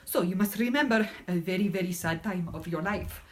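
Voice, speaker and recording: A woman acts out a blunt Russian woman with a heavy put-on Russian accent and broken grammar. Her voice is fairly low and her delivery is deadpan. She sounds matter-of-fact. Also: a little fast, natural voice. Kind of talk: comedic skit interview.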